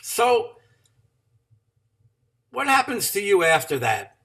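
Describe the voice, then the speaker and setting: Male interview host with a raspy, gravelly voice, loose and rambling in his questions. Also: high-pitched, huge pitch swings, slow pace, fairly bright tone. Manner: rambling, with lots of "you know". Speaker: podcast host.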